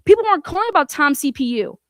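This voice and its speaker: A woman's voice: very high voice, sing-song, rapid-fire, dry recording, studio quality. A woman giving angry, profane commentary on a court case, firing rhetorical questions straight at the people she talks about. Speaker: commentary host.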